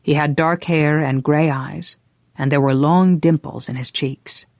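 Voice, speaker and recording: An audiobook narrator reading a historical romance in an even, unhurried way. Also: medium pitch, no room sound, clean studio sound. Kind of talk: scripted narration.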